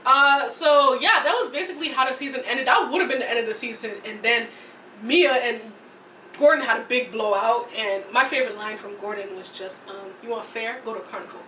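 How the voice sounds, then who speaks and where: A woman's voice: on the high side, brisk, pushed and bright, a little hiss or hum. A woman co-hosting a podcast, chatting casually and gossipy about reality TV, rambling with restarts. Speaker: podcast co-host. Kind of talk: casual reality-TV review chat. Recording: roomy sound, mic at a distance.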